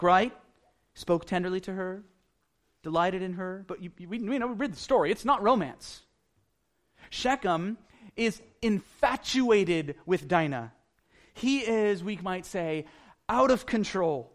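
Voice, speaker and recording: A pastor preaching an earnest sermon, repeating phrases for emphasis and building in intensity. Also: male voice, sits high.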